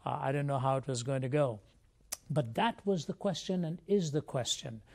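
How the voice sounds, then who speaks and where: A man's voice: mid-range voice, expressive, moderate pace, gravelly, a little mellow. An older man from India, a Christian apologist, telling his life story as an interview guest in an earnest, reflective way.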